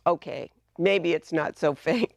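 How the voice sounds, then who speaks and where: A woman's voice: fairly low pitch, unhurried, gravelly, dry recording, studio quality. A woman with a Boston accent, giving a humorous icebreaker speech in a playful storytelling manner, on a video call. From Massachusetts, US. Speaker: club speaker.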